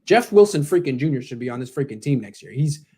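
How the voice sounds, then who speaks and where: Sarcastic man hosting a lively sports stream. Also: mid-range voice, fast talker, breathy edge. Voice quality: voice cracks when excited. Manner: sarcastic, self-deprecating, gets worked up. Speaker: sports show host. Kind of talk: live-stream postgame chat reading donations.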